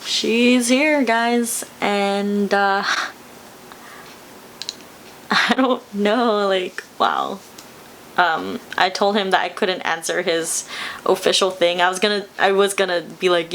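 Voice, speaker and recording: A woman's voice: on the low side, a bit bright, slight background noise. Emotional young woman vlogging, laughing through tears. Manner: tearful, laughing, rambling with many fillers. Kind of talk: emotional personal vlog.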